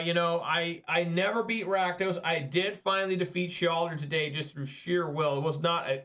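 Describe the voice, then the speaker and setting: A man's voice: fairly high pitch, sharp tone. Rambling, profane man in his thirties. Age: 30s. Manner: rambling, profane, chatty storyteller. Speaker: online card game streamer. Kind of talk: casual gameplay commentary. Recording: slightly muffled lo-fi recording.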